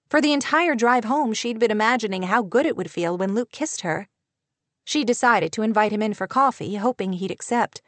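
A woman's voice: medium pitch, no room sound. Woman narrating a romance audiobook. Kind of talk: scripted narration.

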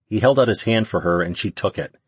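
A man narrating an audiobook in a steady, even read. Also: on the low side, fairly quick, husky, no room sound. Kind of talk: scripted narration.

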